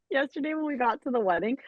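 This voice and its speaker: A woman from the States chats through a casual podcast, rambling with fillers and easy laughter. Her pitch jumps around animatedly, and the sound is dry and close. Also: dry recording. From United States. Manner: chatty, laughing storyteller with many fillers. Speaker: podcast co-host. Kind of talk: casual chat. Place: travelling abroad, speaking remotely.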